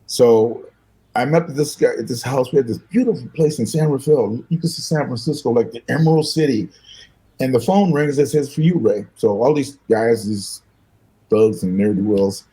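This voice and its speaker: An older man, a guest musician, telling animated, fast-paced stories in an interview and acting out the voices of the people in them. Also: mid-range voice, poor audio. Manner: fast-talking, acts out voices in his stories, laughs often.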